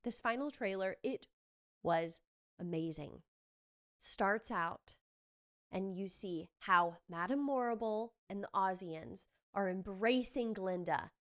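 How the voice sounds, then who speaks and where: A woman hosting a podcast, chatting casually and gushing excitedly through a recap with quick asides. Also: mid-range voice. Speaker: podcast host. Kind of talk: casual chat recapping a trailer.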